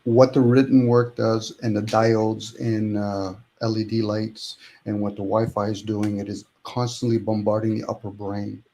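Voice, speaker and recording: A man in a casual group chat, explaining in a measured way. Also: on the low side, level tone, mellow, slight background noise, low-quality recording.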